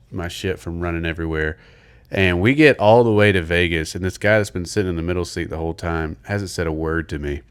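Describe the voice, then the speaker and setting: A young man co-hosting a podcast, telling a laid-back, profane story with a laugh and sounding a little congested. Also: sits low. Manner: laid-back storyteller, swears freely, laughs at own stories. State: congested, sniffly. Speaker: podcast co-host. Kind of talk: casual chat.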